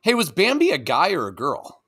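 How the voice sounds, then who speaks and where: A man's voice: on the high side, huge pitch swings, moderate pace, fairly bright tone, husky. A man co-hosting a crude, casual podcast chat, rambling, laughing often and slipping into goofy voices. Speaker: podcast co-host.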